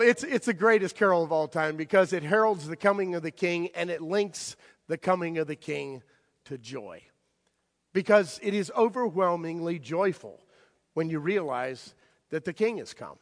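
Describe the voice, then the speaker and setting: Pastor with a slightly high voice, booming hall. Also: male voice, lively intonation, moderate pace. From United States. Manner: conversational, playful, asks the congregation questions. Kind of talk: sermon. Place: large church sanctuary. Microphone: handheld or stage mic. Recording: long hall reverb.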